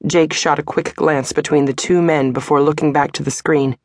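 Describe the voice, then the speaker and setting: A woman narrating a romance audiobook in a steady, even storytelling manner. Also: low-pitched, moderate pace, no echo, studio quality. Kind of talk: scripted narration.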